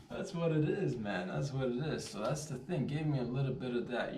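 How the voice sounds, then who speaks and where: A man telling a story in a casual vlog, rambling and animated, with playful catchphrases. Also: mid-range voice, a little fast, hardly any pauses, a little hiss or hum. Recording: roomy echo, distant mic, faint ambience.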